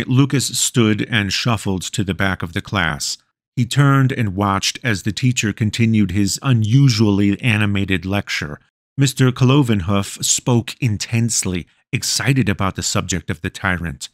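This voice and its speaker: A man's voice: on the low side, moderate pace, dry recording. A man narrating an audiobook in a wry storytelling manner on a close studio mic. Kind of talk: scripted narration.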